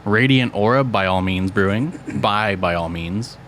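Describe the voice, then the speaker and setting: A man's voice: on the low side, measured pace, a bit bright, slight background noise. A man co-hosting a casual podcast, laid-back and swearing casually as he reads out beer names. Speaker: podcast co-host. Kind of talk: casual chat.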